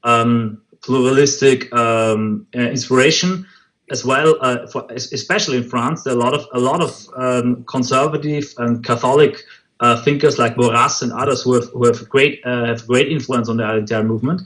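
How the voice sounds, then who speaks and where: A man answering interview questions haltingly, searching for words and restarting often. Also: medium pitch, steady tone, a bit bright, low-quality recording. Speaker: interview guest, movement spokesman.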